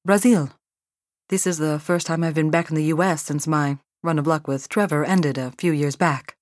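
Hesitant soft-spoken Brazilian cowboy, voiced by a female narrator, low register. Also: steady tone, moderate pace, dry recording, studio quality, natural voice.

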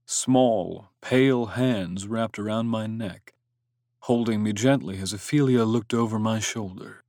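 Brooding low-voiced male narrator. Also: measured pace, a little mellow, dry recording, clean studio sound. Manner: brooding, low and intense, with coarse swearing. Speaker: audiobook narrator. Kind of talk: scripted first-person narration.

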